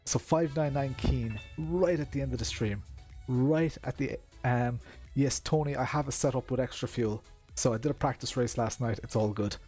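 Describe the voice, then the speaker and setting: A man's voice: medium pitch, normal speed, hardly any pauses, mellow. Chatty Irish man streaming over music. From Ireland. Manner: chatty, greets viewers by name, laughs often. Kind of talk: casual live-stream chat. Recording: music playing behind.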